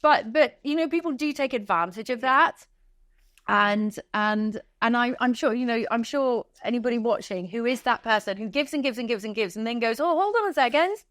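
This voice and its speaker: Host: woman, encouraging interviewer, slightly high voice, dry close sound. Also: normal speed, fairly bright tone, no room sound. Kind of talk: interview chat.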